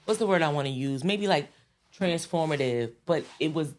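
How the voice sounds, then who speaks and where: A woman's voice: low voice, normal speed. A woman in her thirties from the Bronx with a New York accent, chatting as a guest in an interview with frequent laughs and restarts. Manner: animated and laughing, with many restarts and fillers. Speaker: guest recording artist. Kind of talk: casual interview chat.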